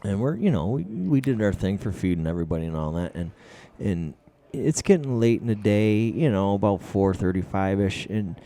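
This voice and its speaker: Gruff, profane man. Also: fairly low pitch, animated, moderate pace, hardly any pauses, dark tone. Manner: profane, rambling storyteller. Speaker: podcast host. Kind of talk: casual storytelling chat.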